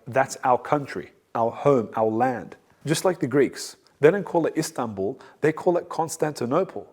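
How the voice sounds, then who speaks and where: A man's voice: mid-range voice, a little mellow. A man, a reverend hosting his own talk show, speaking casually and animatedly, often repeating his points for emphasis and mixing in jokes. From Assyrian community.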